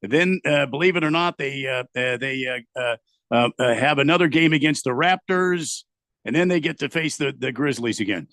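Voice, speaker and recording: A man's voice: mid-range voice, moderate pace, fairly bright tone, no room sound. A man co-hosting a casual sports radio show, speaking hesitantly with lots of fillers and dry humor. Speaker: radio co-host.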